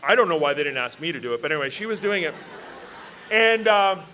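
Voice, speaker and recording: A man's voice: a little high, animated, fast, pushed and bright, a little hiss or hum. A man preaching at a church worship service, telling self-deprecating, humorous personal stories to a congregation. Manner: self-deprecating, joking storyteller.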